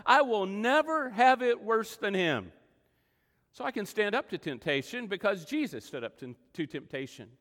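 A man preaching a sermon as pastor, emotional, swinging between loud emphasis and quiet asides. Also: high voice, long reverb tail. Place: church sanctuary.

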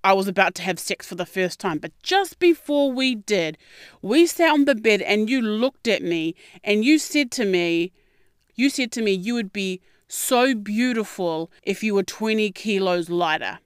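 On her podcast, a young adult woman delivers a casual storytelling monologue about her own life, candidly and expressively, swearing freely and acting out the quotes. Her medium-pitched voice is a little slow with a clean tone, in a dry, clean studio recording.

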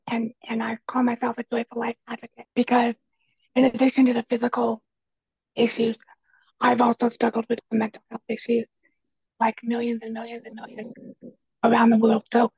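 A woman with a quiet, raspy voice, talking earnestly as a guest on an interview, stressing key phrases by repeating them. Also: a little high, dry recording, highs cut off. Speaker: podcast guest, speaker and kitchen coach. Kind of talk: casual conversation.

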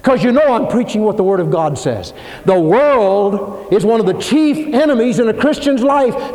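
An older man preaching a dramatic sermon in a church, swinging between soaring emphasis and low asides. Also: big pitch swings, moderate pace, dark tone. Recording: long hall reverb.

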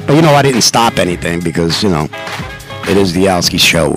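A man with a New York accent hosting a podcast from home, talking loudly, excitably and with plenty of swearing. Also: low-pitched, brisk, faint music behind. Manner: loud, profane and excitable. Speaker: podcast host. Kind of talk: casual podcast chat. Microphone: headphones and mixer.

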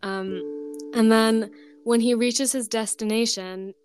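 A young woman co-hosting a podcast who reads an old folk tale aloud with lively voices for the characters, then chats casually with lots of "like" and laughter. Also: fairly high pitch, slow pace. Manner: animated reading with voiced characters, chatty with many likes and laughs. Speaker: podcast co-host.

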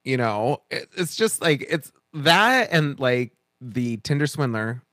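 A man's voice: mid-range voice, slow, no echo, studio quality. A man co-hosting a casual podcast chat, telling stories and acting out other people's lines as he goes. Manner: animated storyteller, acts out quoted voices. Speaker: podcast co-host.

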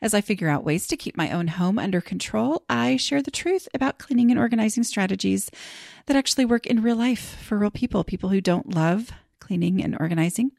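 A woman's voice: mid-range voice, animated, fairly quick, vocal fry, a little mellow, no echo, clean studio sound. A woman hosting a podcast, chatting casually and rambling with lots of fillers and restarts. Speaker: podcast host.

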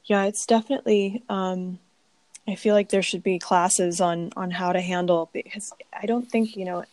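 A woman hosting a casual podcast interview, soft-spoken and rambling, with many fillers. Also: medium pitch, steady tone, moderate pace, dry recording. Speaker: podcast host.

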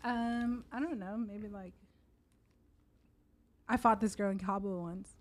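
A young woman on a podcast, telling stories in casual chat and acting out the people in them. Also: medium pitch. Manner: fast, animated, acts out voices in stories. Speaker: podcast guest.

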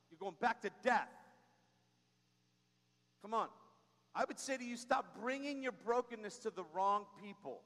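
Male pastor, bright forceful sermon voice, call-and-response preaching in a big church. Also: high voice, lively intonation, unhurried, long pauses. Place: church sanctuary. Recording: long reverb of a large hall.

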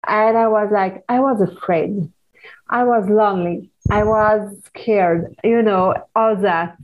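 A middle-aged woman whose first language is Hebrew, speaking as a guest author in an interview, earnest and halting with frequent restarts. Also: mid-range voice, steady tone, phone-quality sound. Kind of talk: conversational interview.

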